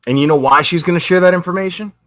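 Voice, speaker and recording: A man on his own stream, profanely ranting and calling out other creators, slow and emphatic. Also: sits high, fairly bright tone, no echo, studio quality. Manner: profane, repetitive, confrontational. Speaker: YouTube creator. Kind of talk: angry livestream rant.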